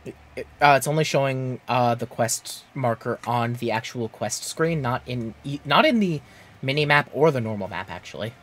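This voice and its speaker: A man's voice: medium pitch, animated, fairly bright tone, slight background noise. Laid-back man streaming a game. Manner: laid-back, halting, with frequent fillers. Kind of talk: casual chat while gaming.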